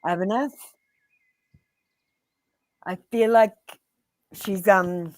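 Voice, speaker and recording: An Australian woman reads tarot cards live for her viewers, speaking bluntly and earnestly and calling each one by name. Her voice sits at a middle pitch. The sound is dry and close, with no room around it. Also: fairly even intonation, no echo. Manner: frequent ums and pauses. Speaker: tarot reader. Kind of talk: live-streamed tarot reading.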